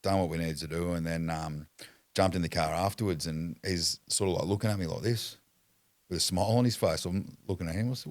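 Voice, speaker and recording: Podcast guest: middle-aged Aussie man, very low, dry close mic, blunt and sweary storyteller. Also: normal speed, no echo. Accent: Australian. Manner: blunt, swears freely, laughs while telling stories. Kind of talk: casual storytelling.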